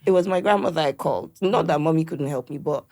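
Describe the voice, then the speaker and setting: A woman's voice: low voice, quick pace. A middle-aged woman, a podcast guest, telling family stories in casual conversation. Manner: warm storytelling, acts out family members' lines.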